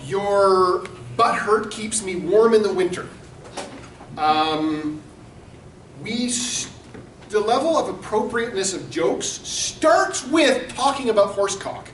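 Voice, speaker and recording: A man's voice: high-pitched, a bit bright, a little hiss or hum. A man running a convention's charity auction, telling crude, mocking stories to a live room. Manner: brash, mocking, storytelling with laughs. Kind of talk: crude comedic auction warm-up. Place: convention hall. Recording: echoey hall recorded from far off.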